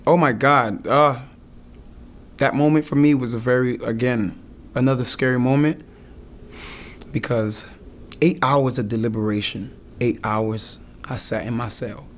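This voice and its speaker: A young man earnestly recounting a hard experience in his own words, halting and restarting as he goes. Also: mid-range voice, steady tone, a little hiss or hum. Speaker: client giving a testimonial. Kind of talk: emotional personal testimonial.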